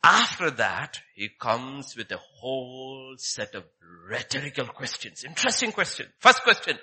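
Bright, emphatic male preacher. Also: medium pitch, big pitch swings, measured pace, hardly any pauses. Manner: emphatic, repeats key phrases, rhetorical questions. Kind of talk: sermon.

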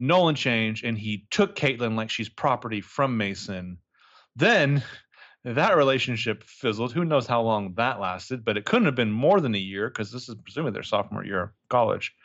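A man co-hosting a casual podcast, recapping scenes with quick quoted asides and swearing. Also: medium pitch, animated, fairly bright tone, lo-fi sound. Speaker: podcast co-host recapping a show.

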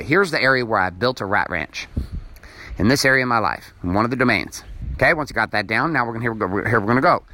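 A man's voice: medium pitch, bright, forceful tone, dry recording. A man hosting a motivational podcast, talking bluntly and emphatically with plenty of swearing. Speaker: podcast host. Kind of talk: motivational monologue.

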